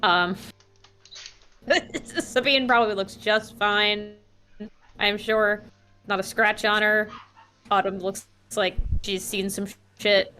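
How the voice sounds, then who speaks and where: Slow-talking woman playing a tabletop game. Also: mid-range voice, fairly even intonation, pushed and bright. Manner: hesitant, many fillers and giggles. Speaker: player.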